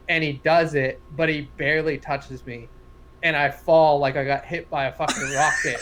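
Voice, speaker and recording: A man's voice: a little high, fairly even intonation, normal speed, slight background noise. A young adult man co-hosting a casual sports podcast, telling a rambling story full of swearing and laughing at himself. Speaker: podcast co-host.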